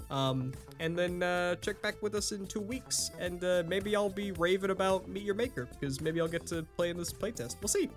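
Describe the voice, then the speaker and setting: A man co-hosting a podcast, chatting casually and easygoing, laughing along and wrapping up the show. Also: high voice. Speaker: podcast co-host. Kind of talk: casual chat and podcast sign-off.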